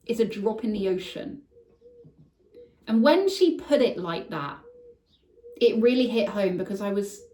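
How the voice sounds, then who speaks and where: A woman's voice: fairly high pitch, mellow. A woman speaks candidly about a hard time in her life, her voice open and emotional, with casual swearing. She sounds a little distant from the microphone in an echoey room. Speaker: podcast host telling her story. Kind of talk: personal storytelling monologue. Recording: echoey room, voice somewhat far from mic.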